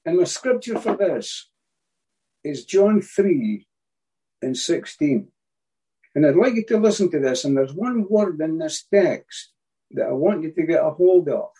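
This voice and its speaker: A man's voice: fairly high pitch, lively intonation, unhurried, warm tone, breathy edge, rough recording. A man preaching a sermon, emphatic and repeating his key phrases.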